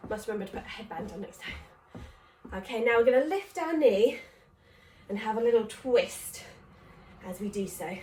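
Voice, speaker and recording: A woman's voice: fairly high pitch, animated, moderate pace, a little mellow, slight background noise. Breathless woman coaching a home workout. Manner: chatty, encouraging, counting reps aloud; breathless from exercising while talking. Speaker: fitness instructor. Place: home room. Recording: echoey room, voice from a distance.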